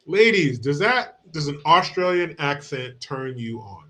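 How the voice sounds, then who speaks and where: A man from the United States hosts a podcast with crude, mocking commentary. His voice is very bright and forceful and sits a little high, and he laughs often between points. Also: sing-song, unhurried, hardly any pauses. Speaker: host.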